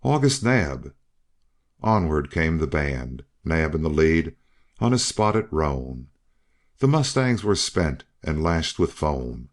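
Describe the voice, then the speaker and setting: Slow deep-voiced male narrator. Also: very animated. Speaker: audiobook narrator. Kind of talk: scripted narration.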